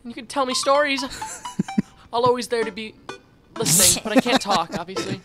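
A woman's voice: fairly high pitch, normal speed, over music. A woman giggling and teasing while reading game lines during a comedic playthrough. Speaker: game player.

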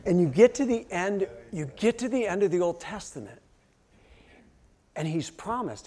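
Animated high-voiced preacher man. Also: normal speed. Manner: animated storytelling, acting out quotes, swings from loud to hushed. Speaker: pastor. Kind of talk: sermon.

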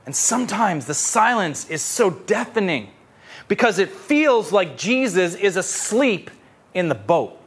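A young adult male pastor preaching a sermon with animated storytelling, repeating phrases for emphasis. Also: high-pitched, a little slow, breathy edge.

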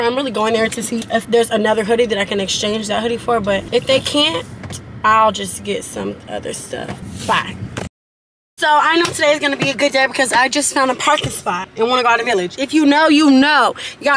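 Teen girl vlogger, chatty, slightly high voice, noisy handheld camera sound. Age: teens. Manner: chatty, animated, addresses viewers as y'all. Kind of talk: casual vlog chat to viewers. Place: in a car and around a shopping area. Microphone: handheld vlog camera. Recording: noisy handheld vlog recording.

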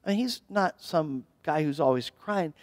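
A man's voice: fairly high pitch, animated, normal speed, no room sound. A man preaching a sermon in church as pastor, earnest and building to impassioned appeals.

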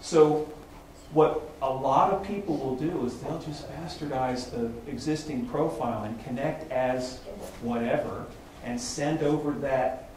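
A man's voice: mid-range voice, darkish tone. A man presents to a small group at a meetup, talking loosely and checking in with "right?" as he goes. He is picked up from a distance in a very echoey room. A faint hum of ambience sits beneath him. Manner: loose, conversational, with frequent restarts and "right?" checks. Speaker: presenter at a tech meetup lab.

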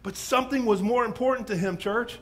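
Male pastor preaching in church, animated storyteller, high voice. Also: brisk. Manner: animated storyteller, dropping to hushes. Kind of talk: sermon.

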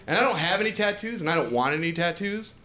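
A man does stand-up on a club stage. His voice sits high and swoops all over, with playful asides to the crowd. The room is echoey and audience noise comes through clearly. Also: animated, quick pace, sharp tone. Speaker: stand-up comedian. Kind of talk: stand-up comedy set. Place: comedy club stage before a live audience.

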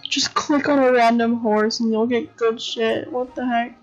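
A tired young woman giving casual commentary on a horse game, chatty and excitable, swearing freely and breaking into gasps and laughs. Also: a little high, normal speed. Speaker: gamer commentator. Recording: dull lo-fi home recording with faint game music.

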